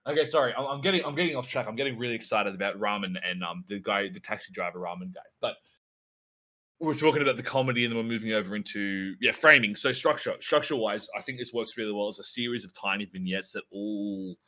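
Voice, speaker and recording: A man co-hosting a podcast in casual chat, excitable and rambling, swearing a lot as he talks. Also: fairly low pitch, fast. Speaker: podcast co-host.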